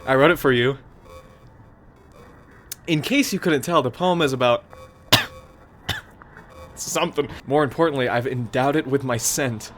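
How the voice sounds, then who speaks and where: A man's voice: medium pitch, unhurried, long pauses, a bit bright, soft background music, close to an everyday voice. A man reading aloud as a shy, obsessive teenage girl with a fixated, breathless way of talking. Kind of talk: reading game dialogue aloud.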